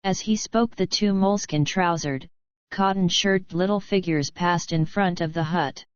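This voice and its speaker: A woman narrates an audiobook in a measured, even manner. Her voice is smooth and resonant, sitting a little low. The recording is dry and slightly dull, without much top end. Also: no room sound.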